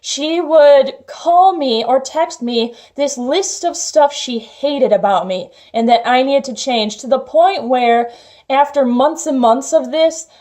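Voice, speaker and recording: Young woman vlogger, high bright voice, chatty storyteller, leans on "like" a lot. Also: takes it slowly. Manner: chatty, heavy use of "like" fillers. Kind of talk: casual storytelling vlog.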